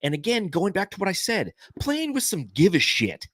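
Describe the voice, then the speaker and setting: A man's voice: sits high, wildly swooping pitch, normal speed, fairly bright tone, slightly rough, no echo, clean studio sound. Exasperated male podcast host. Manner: exasperated, ranting. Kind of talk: casual sports podcast banter.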